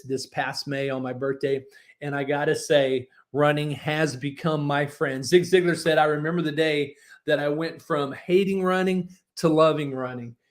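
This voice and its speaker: A man in his forties, a book publisher, teaching a workshop in a folksy, encouraging storytelling manner. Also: on the high side. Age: 40s. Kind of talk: motivational workshop talk.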